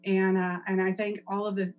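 A woman's voice: medium pitch, flat delivery, moderate pace, a little mellow, muffled recording, faint music behind. A woman in her forties giving a heartfelt, emotional talk at a recovery meeting from her home office over a video call. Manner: heartfelt, laughing through tears. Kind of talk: emotional personal sharing.

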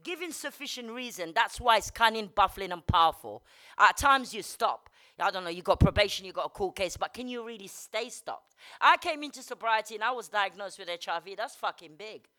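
A woman giving a blunt, candid personal recovery testimony, swearing freely and dropping many "you know"s. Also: medium pitch. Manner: fast and energetic, rising and falling in loudness. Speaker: speaker sharing at a recovery meeting.

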